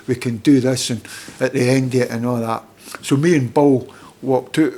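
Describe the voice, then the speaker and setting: A middle-aged Scottish man, a former footballer, telling lively stories in casual chat as a podcast guest and acting out other people's lines. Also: mid-range voice, a little hiss or hum. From Scotland. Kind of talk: casual anecdotal storytelling.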